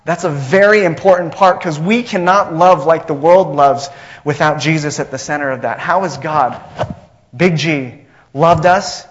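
A man's voice: a little high, unhurried, highs cut off. A man preaching a sermon as pastor, emphatic and repetitive, asking the congregation questions.

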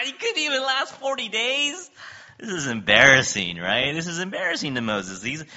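A man preaching a sermon in a lively way, laughing often and asking the listeners "right?" again and again. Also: medium pitch. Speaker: pastor. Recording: dull lo-fi recording.

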